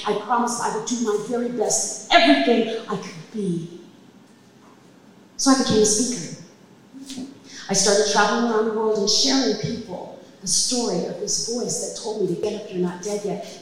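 A middle-aged woman telling a personal story on a comedy club stage, emphatic and impassioned, building to loud peaks. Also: medium pitch. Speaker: storyteller at a live event. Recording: distant mic, echoey hall reverb, faint noise.

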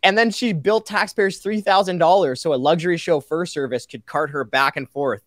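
A man's voice: fairly high pitch, fairly quick, a bit bright, no room sound. A man from Canada, a guest on a podcast, talking energetically and sarcastically as he rattles off examples. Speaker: guest, taxpayer advocate. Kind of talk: animated podcast interview.

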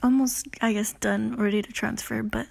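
Breathy, rambling teenage girl podcaster. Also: fairly high pitch, fairly even intonation, moderate pace. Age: late teens. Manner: rambling, self-conscious, swears often; frequent "you know" and "I don't know". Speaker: podcast host. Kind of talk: casual solo podcast talk.

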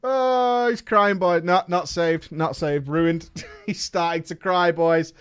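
A man's voice: sits high, big pitch swings, takes it slowly, clear, resonant tone. A man reading a story aloud to his viewers as a streamer, breaking off to swear, laugh and crack jokes to the boys.

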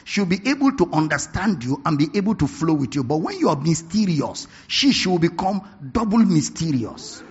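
A man preaching a sermon, telling stories with animated bursts of laughter and shouting. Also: fairly high pitch, moderate pace, few pauses, husky. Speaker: pastor. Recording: dull lo-fi recording.

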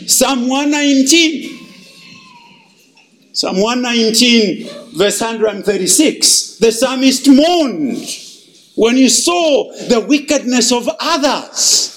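A man preaching a sermon, emphatic and dramatic, swinging between loud and hushed. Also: very high-pitched, expressive, slow.

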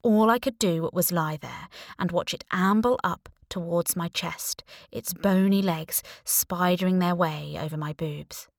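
A woman's voice: fairly low pitch, a little slow, gravelly, few pauses, dry recording, studio quality. Wry woman narrating an audiobook. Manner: wry, deadpan humor with hushed asides. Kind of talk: first-person audiobook narration.

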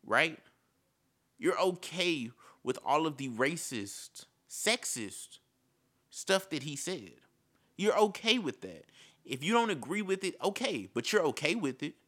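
A man's voice: a little high, big pitch swings, a little slow, fairly bright tone. A man giving an impassioned casual monologue, repeating his points and calling the listener "bro". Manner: impassioned, repetitive, says "bro".

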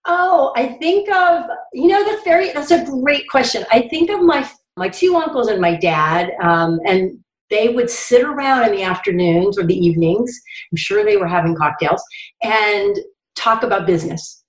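A woman's voice: medium pitch, lively intonation, normal speed. Middle-aged woman from florida, guest on a podcast, chatty and laughing a lot, sounds kinda echoey. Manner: chatty, laughs often while reminiscing. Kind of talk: conversational interview. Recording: roomy, echoey recording.

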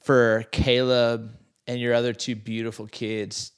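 A man's voice: mid-range voice, level tone, a little slow, clear, resonant tone. Reflective male podcast host. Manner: reflective, searching, with many fillers. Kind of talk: casual podcast conversation.

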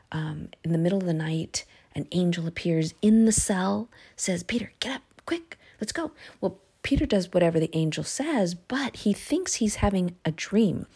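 A woman teaching a casual Bible lesson, retelling the stories in a lively way with many fillers. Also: fairly low pitch, moderate pace, breathy edge.

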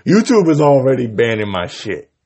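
Podcast host, male, husky voice, furious cursing rant, lively pitch. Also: highs cut off. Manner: angry, profane and heated, talking over himself. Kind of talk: ranting solo podcast.

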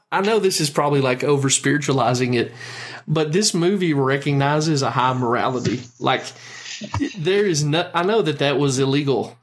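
A man hosting a podcast, telling stories in a lively way and laughing often. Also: medium pitch. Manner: warm, laughs often, animated storytelling. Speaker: podcast host. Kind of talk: casual chat.

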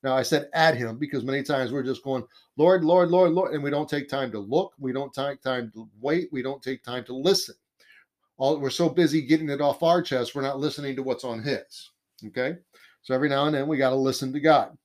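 A man's voice: mid-range voice, fairly even intonation, a little fast. A man teaching the Bible in a conversational sermon, earnest and emphatic, often repeating key phrases.

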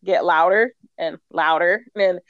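A young woman co-hosting a podcast, speaking bluntly and loudly in casual chat and laughing often. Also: lowish voice, a little slow, dry recording. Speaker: podcast co-host. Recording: dry, dull lo-fi sound.

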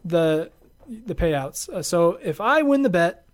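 A man's voice: sits high, sing-song, takes it slowly. A man hosting a sports podcast in casual chat, rambling and laughing often. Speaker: podcast host.

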